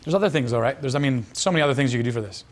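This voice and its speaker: A man's voice: mid-range voice, rapid-fire. A man telling a dating coach's story as a lesson, casual and profane, with lots of fillers. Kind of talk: instructional storytelling.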